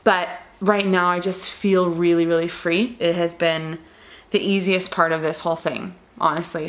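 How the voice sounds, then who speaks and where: Tearful pregnant young woman vlogging. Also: on the low side. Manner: emotional and tearful, with many fillers and restarts. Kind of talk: casual pregnancy Q&A vlog.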